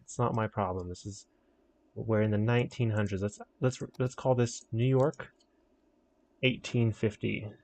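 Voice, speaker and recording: A young man streams himself building a city in a game, giving casual, rambling commentary and joking with himself and his viewers in a self-mocking way. His mid-range voice is a little mellow, in a dry recording.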